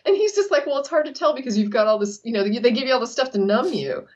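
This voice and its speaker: A woman's voice: fairly high pitch, fast, hardly any pauses. A woman co-hosting a casual chat, telling stories animatedly, laughing often and acting out what others said. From Texas. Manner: animated storyteller, laughs often, acts out quotes. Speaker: co-host. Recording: slightly dull lo-fi audio.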